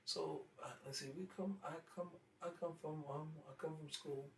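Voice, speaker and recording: A man speaking as an interview guest, telling a childhood story in an animated way that turns loud when he gets worked up. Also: fairly high pitch, normal speed, a little hiss or hum. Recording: echoey room, far from mic, faint ambience.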